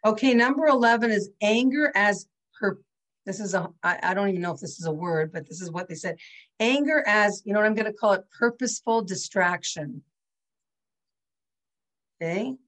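A woman with a medium-pitched, fairly bright voice lectures at a moderate pace to an online class over a video call, and the recording quality is low. Chatty in manner, she's a teacher who regularly checks in with her listeners using "right?" and "okay?".

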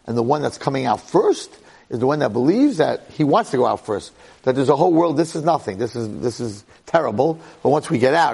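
Animated gravelly male lecturer. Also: mid-range voice. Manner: animated, repeats phrases, checks in with "right?". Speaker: Torah lecturer. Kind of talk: storytelling lecture.

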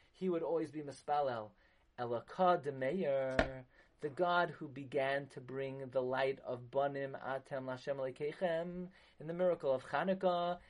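A man delivering an impassioned sermon as a rabbi, mixing Hebrew terms into English and rising to loud emphasis. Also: mid-range voice.

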